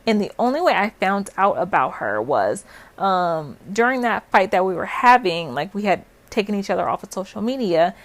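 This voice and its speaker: A young adult woman telling her own story in a casual vlog, animated and full of "like" fillers. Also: mid-range voice, normal speed, dry recording.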